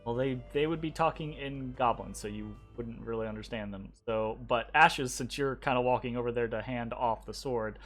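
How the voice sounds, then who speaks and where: A game master narrating a tabletop game in an unhurried, hesitant way, with fillers and asides to the players. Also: medium pitch, soft background music.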